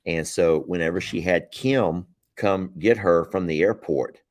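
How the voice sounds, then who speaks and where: A man's voice: sits low, a little slow, no room sound, studio quality. A man with a Southern American accent, hosting a live stream in a rambling, folksy way and chuckling often. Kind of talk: casual live-stream chat.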